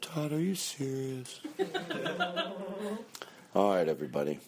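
A man hosting a comedy podcast, rambling and self-pitying, swinging into shouted rants. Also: fairly high pitch, wildly swooping pitch, takes it slowly, slight background noise. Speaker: podcast host.

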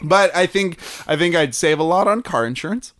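A man's voice: fairly high pitch, normal speed, a bit bright, no room sound. A man co-hosting a comedy podcast, joking and giggling through casual chat. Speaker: podcast co-host.

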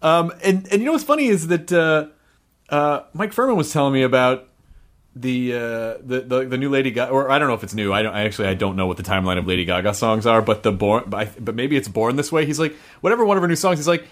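A man's voice: mid-range voice, fast. A man hosting a casual podcast chat, playful and riffing, often restarting his sentences. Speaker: podcast host.

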